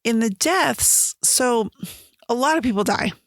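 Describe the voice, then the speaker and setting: Chatty woman with a gravelly edge. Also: on the high side, unhurried, dry recording, clean studio sound. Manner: chatty, animated retelling with quoted asides. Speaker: podcast host. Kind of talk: casual solo book-versus-movie chat.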